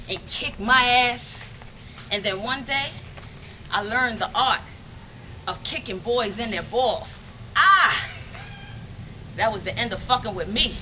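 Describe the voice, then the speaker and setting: A woman's voice: on the high side, bright, forceful tone, muffled recording, slight background noise. A woman from New York performing a dramatic spoken monologue in a rhythmic, emphatic, streetwise way.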